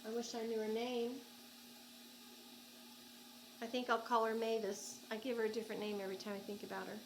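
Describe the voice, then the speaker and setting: A woman's voice: on the high side, little pitch movement, very fast, a little hiss or hum, rough recording. A woman with an Oklahoma accent, chatting casually and gushing as she unboxes yarn at home for her crochet vlog. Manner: chatty, gushing, thinks aloud. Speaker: crochet vlogger.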